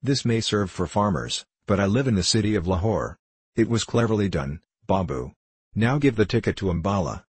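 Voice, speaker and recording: A man voicing a cheeky, quick-witted street boy in an audiobook, speaking bold and merry. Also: fairly low pitch, lively intonation, slightly rough, dry recording. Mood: brash.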